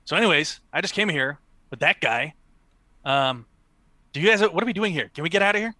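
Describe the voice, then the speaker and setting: Goofy player guy, high lively voice, dry mic. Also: a little fast, dry recording. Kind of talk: playing a tabletop game.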